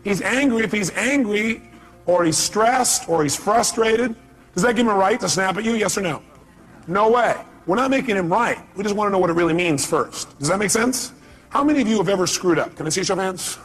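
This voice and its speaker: A man's voice: high voice, animated, fairly quick, a bit bright, breathy edge, soft background music. A man speaking live at a seminar, emphatic and repeating his key phrases, firing questions at the audience. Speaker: motivational speaker. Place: seminar hall.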